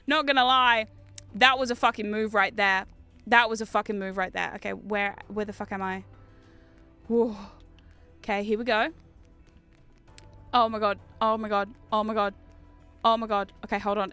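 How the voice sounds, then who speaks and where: A woman with a New Zealand accent giving casual gameplay commentary as a streamer. She talks loudly and excitably and swears a lot. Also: fairly high pitch. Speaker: VTuber streamer.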